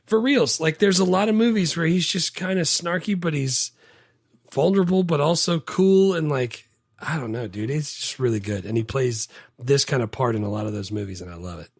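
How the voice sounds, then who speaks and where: A man's voice: fairly high pitch, normal speed, dry recording, clean studio sound. A man who teaches, co-hosting a movie podcast and telling stories with enthusiasm. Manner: enthusiastic, animated storyteller, says "dude". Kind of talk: casual chat.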